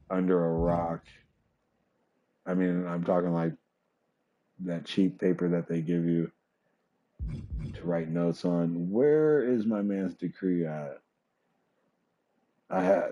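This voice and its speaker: A male streamer talking through a casual livestream, rambling with fillers, swearing and chuckling. His voice sits low and sounds mellow and relaxed. He drifts loosely from one thought to the next. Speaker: streamer and show host.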